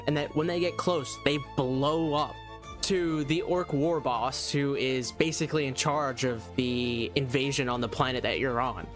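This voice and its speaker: A man giving a casual, rambling video game review, full of "like" and restarts. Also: on the high side. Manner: rambling, lots of fillers.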